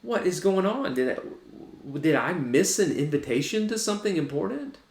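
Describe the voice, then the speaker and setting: A man voicing a resentful, indignant older brother in a parable, his voice jumping high in incredulous outbursts. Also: expressive, moderate pace, creaky. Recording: echoey room.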